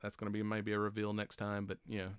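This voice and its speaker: Low-voiced man rambling through a recap. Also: completely flat delivery, fast talker, smooth, no echo, clean studio sound. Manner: rambling, swears freely, laughs often, acts out quotes. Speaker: podcast host. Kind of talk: casual chat recapping a TV episode.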